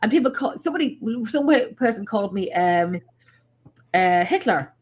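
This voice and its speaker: A middle-aged woman on a paranormal panel tells blunt, joking stories with lots of emphasis in animated, casual chat. Her voice is medium-pitched and her speed normal.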